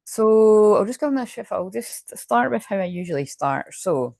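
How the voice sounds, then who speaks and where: A woman's voice: medium pitch, expressive, moderate pace, vocal fry, a little mellow, no echo, clean studio sound. A woman with a Scottish accent giving a rambling, chatty tarot reading to her viewers from her room at home, swearing freely as she talks. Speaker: tarot card reader.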